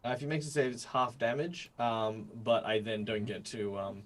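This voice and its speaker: A man's voice: mid-range voice, fairly even intonation, moderate pace, poor audio. A man playing a tabletop game, rambling and correcting himself as he explains his moves. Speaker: player.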